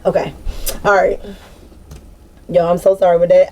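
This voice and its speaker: A woman giving a casual spiritual card reading to her viewers, rambling, excitable and full of slang, breaking into loud laughter. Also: fairly low pitch, normal speed, lo-fi sound. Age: adult with a daughter. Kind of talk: casual tarot-style collective reading.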